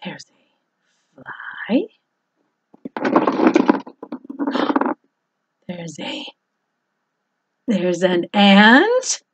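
A woman teaching a preschool phonics lesson, talking slowly with exaggerated, sing-song delivery, oohs and gasps. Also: mid-range voice, huge pitch swings, noisy background.

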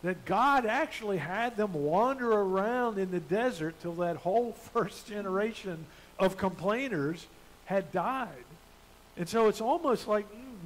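Pastor, male, high voice, chatty sermon delivery full of restarts. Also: a little hiss or hum, low-quality recording. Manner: conversational, with many fillers and restarts. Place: church.

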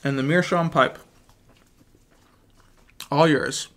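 A man reading a film script aloud with his mouth full of chewing gum, his throat dry, in a flat, hurried read. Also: a little high. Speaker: video creator.

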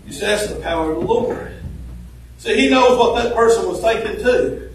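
A very high-pitched man preaches in a rhythmic chant, peppering his lines with "uh" and rising into shouted, half-sung phrases. He sounds far from the mic, in a heavily echoing church, with faint noise underneath. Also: moderate pace. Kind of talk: sermon.

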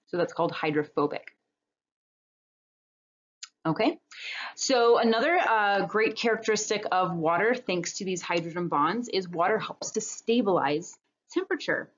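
A woman biology instructor with a medium-pitched, expressive voice talks at normal speed through a recorded slide lecture. She explains conversationally and step by step, though the webcam or computer mic leaves the recording muffled.

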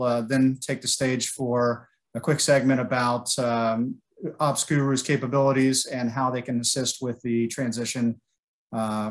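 Halting male webinar presenter. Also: medium pitch. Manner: halting, many filler words. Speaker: sales presenter.

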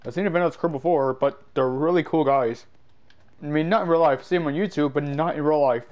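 A man giving casual gameplay commentary, excitable and yelping at every mishap, with a stuffy nose. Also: on the high side, brisk. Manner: excitable, yelps and shouts at mishaps. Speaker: gaming YouTuber.

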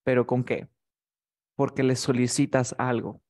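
A man's voice: mid-range voice, little pitch movement, moderate pace, a little mellow. A man teaching English vocabulary to a student. He explains patiently, repeats his points and checks that he is understood. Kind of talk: bilingual vocabulary lesson with a student.

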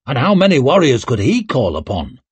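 A man's voice: medium pitch, fairly quick, breathy edge, no echo, pitched above the performer's own voice, full character voice. A man playing an eager plotting nobleman. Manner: eager, flattering.

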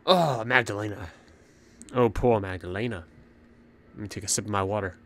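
A man's voice: lowish voice, moderate pace, a bit bright, slight background noise. Chatty young man narrating his gameplay. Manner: chatty, talks to the game's enemies. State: out of breath. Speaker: gaming channel host. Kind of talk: let's play commentary.

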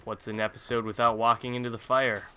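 A man's voice: medium pitch, level tone, fairly quick, sharp tone, a little hiss or hum. A man casually commentating his own gameplay, rambling with jokey self-mocking asides. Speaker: gaming YouTuber. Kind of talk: casual let's-play commentary.

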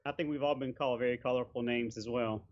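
A man's voice: medium pitch, steady tone, fast talker, muffled recording, slight background noise. A man hosting an interview, steering the questions and recounting a gaming session with a friend. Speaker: podcast host.

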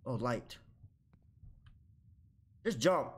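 A young man giving crude, joking commentary on a horror game, mock-scolding the screen and breaking into sudden high yelps when startled. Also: animated, a little slow, long pauses, a little hiss or hum. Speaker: gaming YouTuber.

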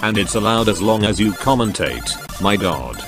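Low-voiced man, sarcastic and foul-mouthed. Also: expressive, normal speed. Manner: crude, sarcastic ranting with heavy swearing. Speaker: YouTuber reacting to videos. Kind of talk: mocking reaction commentary. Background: background music.

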